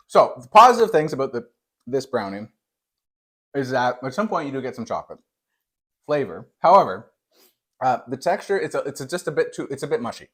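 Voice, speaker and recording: A man's voice: mid-range voice, sing-song, brisk, long pauses, fairly bright tone, breathy edge. A young man, playfully judging baked goods on camera in a mock-serious way, with lots of fillers. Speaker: taste-test judge. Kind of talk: casual on-camera food review.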